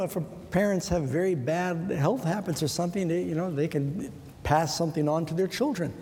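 A man's voice: on the high side, dark tone, long reverb tail, slight background noise. A man preaching a sermon in an earnest, conversational way, asking his listeners rhetorical questions. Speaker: pastor.

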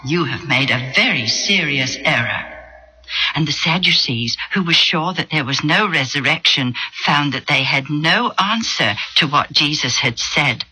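Male storyteller, slightly high voice, animated Bible narration. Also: measured pace, echoey room, long reverb tail, faint music behind, poor audio. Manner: reads with lively character voices.

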